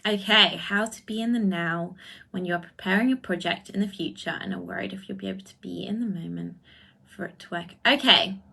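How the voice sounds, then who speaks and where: A woman acting as a spiritual coach, talking in a casual livestream and answering viewers' comments, with effusive, drawn-out exclamations. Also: on the low side, expressive, creaky, bright, forceful tone, breathy edge. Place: indoors, live video stream.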